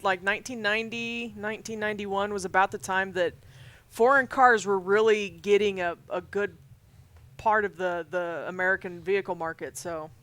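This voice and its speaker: A man's voice: high-pitched, fairly even intonation, moderate pace, sharp tone, smooth. A man running a tabletop game as game master, narrating scenes in a rambling, chatty way and laughing often.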